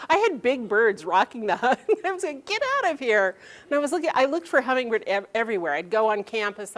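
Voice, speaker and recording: A middle-aged woman telling a personal story to an audience, animated and laughing as she quotes her mother. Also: fairly high pitch.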